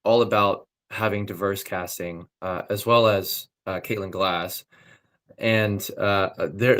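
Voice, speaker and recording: Young man, lowish voice, casual and filler-heavy, talks craft like a working voice actor. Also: a bit bright. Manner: loose, filler-heavy, technical talk with frequent likes and ums. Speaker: voice actor guest. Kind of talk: casual interview chat.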